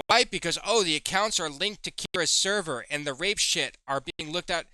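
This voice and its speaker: A man's voice: a little high, moderate pace, bright, forceful tone, slight background noise. A man hosting a heated commentary video, reading chat logs aloud and swearing as he accuses someone. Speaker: commentary host.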